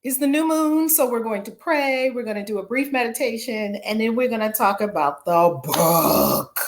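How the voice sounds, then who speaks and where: A woman's voice: on the high side, moderate pace. A woman author hosting a casual livestream, exuberantly calling out greetings to viewers by name.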